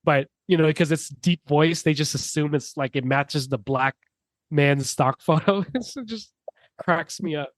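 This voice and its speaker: A rambling podcast host, a man with a fairly high voice, talking loosely through his points with a lot of filler. His sound is dry and close to the mic. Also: unhurried, no echo. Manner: rambling, heavy on fillers and restarts. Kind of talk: casual chat.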